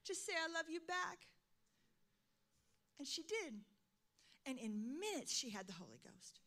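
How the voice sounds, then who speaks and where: A middle-aged woman pastor preaching a sermon, swinging from soft, intimate lines to loud, emphatic calls. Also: sits high, very animated, unhurried, slight background noise.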